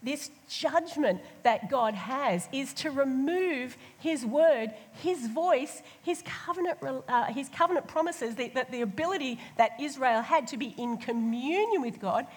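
Husky woman preaching in a hall. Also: high-pitched, unhurried, few pauses. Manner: lively, colloquial, acts out voices of the people. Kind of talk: sermon. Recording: long hall reverb.

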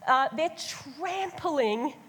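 A woman preaching a sermon, lively and colloquial, sometimes acting out the voices of the people she talks about. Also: high-pitched, drawn-out words. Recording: long hall reverb.

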